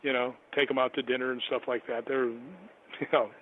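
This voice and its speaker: A man telling stories in a relaxed, rambling way as a guest on a radio show, laughing often. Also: medium pitch, moderate pace, slight background noise. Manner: chatty, rambling, laughs often, animated when astonished. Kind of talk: casual storytelling on a call-in radio show. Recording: tinny phone line.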